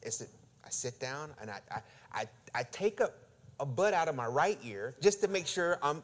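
A middle-aged man preaching through a personal story, acting out the dialogue and swinging between loud bursts and quiet asides. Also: mid-range voice, big pitch swings, moderate pace. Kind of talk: storytelling sermon.

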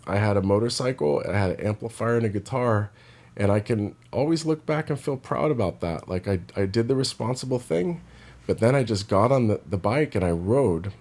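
Rambling reflective man, low voice. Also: lively intonation, brisk, darkish tone. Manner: rambling, with many restarts and repeated words; reflective storytelling. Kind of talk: casual spoken monologue.

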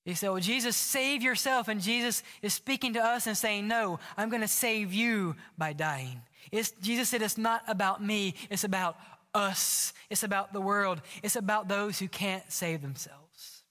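A man preaching a sermon as pastor, impassioned and earnest, sometimes dropping his voice low for emphasis. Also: moderate pace, pushed and bright. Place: large church sanctuary. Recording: long hall reverb.

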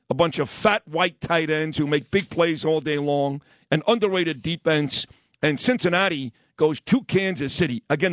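Wisecracking radio host. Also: male voice, on the high side, dry recording. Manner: animated, wisecracking, acts out others in quoted voices. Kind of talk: casual storytelling and sports talk.

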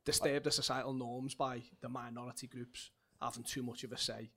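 A man's voice: mid-range voice, little pitch movement, fairly quick, fairly bright tone. A man from the audience calling out and chiming in eagerly, agreeing a lot. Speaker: audience member in the front row.

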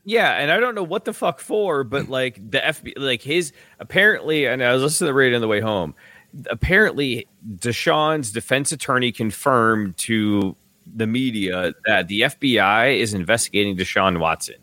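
A man on a casual sports podcast, chatting about sports news in a lively way. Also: medium pitch, normal speed, no room sound.

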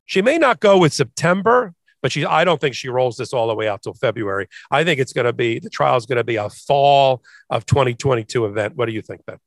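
A man's voice: mid-range voice, a little fast, vocal fry, hardly any pauses, dry recording. A man who is a lawyer co-hosting a podcast, giving emphatic legal commentary and acting out the people he quotes. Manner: energetic, emphatic, mimics quoted voices.

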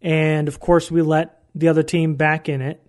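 A young man from San Diego hosting a solo sports podcast, telling stories in a chatty, animated way. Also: on the high side, normal speed. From San Diego, USA. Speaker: podcast host.

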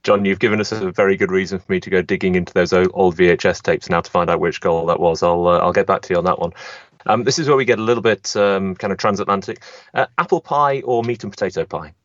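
Deep, fast-talking podcast host. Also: male voice, dry recording. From Sheffield, England. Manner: brisk, friendly, lots of fillers. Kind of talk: casual podcast interview. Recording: dull lo-fi remote audio.

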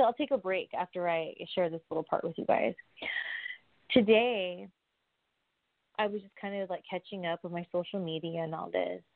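A woman telling a rambling story in a casual vlog, full of fillers and asides, dropping to hushed whispers and then bursting out. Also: fairly low pitch, vocal fry, no echo. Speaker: wrestler. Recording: tinny phone-like, dry sound.

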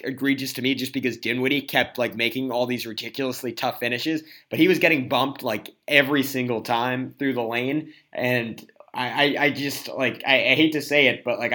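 A man's voice: medium pitch, steady tone, a little fast, hardly any pauses, sharp tone. A young man from New York City hosting a casual sports podcast, rambling with lots of fillers. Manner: rambling, heavy use of "like" and "uh". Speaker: podcast host.

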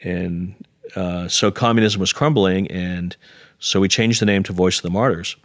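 A man's voice: deep voice, steady tone, normal speed, no room sound, clean studio sound. A middle-aged man, an interview guest, telling a personal story earnestly and with self-deprecating humor, acting out the dialogue. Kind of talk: conversational storytelling.

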